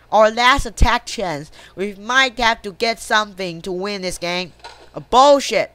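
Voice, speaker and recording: A woman commenting casually on her gameplay, cursing and griping at every missed chance. She speaks slowly in a smooth, clear voice. The sound is dry and close. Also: mid-range voice, a bit bright, dry recording. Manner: swears often, grumbles at the game; talks to self and viewers between plays. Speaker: gamer.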